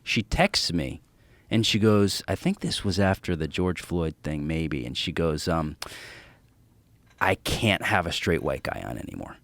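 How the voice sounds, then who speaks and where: Low-voiced, animated male comedian. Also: unhurried, no room sound. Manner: animated, profane, acts out quoted voices. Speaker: comedian guest. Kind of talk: casual podcast storytelling.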